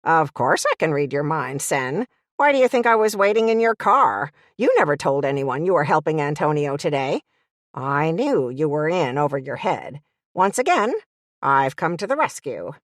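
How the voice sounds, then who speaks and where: A bossy, taunting elderly witch aunt, voiced by a woman reading an audiobook. She talks in a smug, sing-song way, a little lower and louder than the narration. The sound is dry and close. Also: very animated, normal speed, no room sound.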